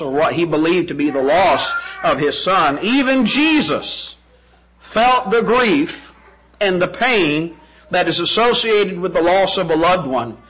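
High, bright-voiced male preacher. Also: poor audio. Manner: emphatic, with rhetorical questions and repeated phrases. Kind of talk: sermon.

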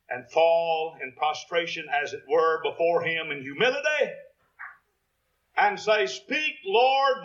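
A man preaching a sermon in a fairly high voice, taking his time. He quotes scripture in old-fashioned wording and swells to emphatic peaks. The recording sounds dull and lo-fi. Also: fairly bright tone.

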